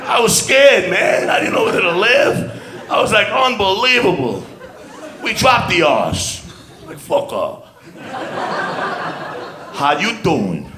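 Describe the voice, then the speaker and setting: Very animated and high-sitting, his voice moves at a measured pace with frequent pauses. He's a stand-up comedian with a New York accent, brash and streetwise, punching lines with "man" on a comedy club stage, recorded in an echoey room with loud laughter from the crowd.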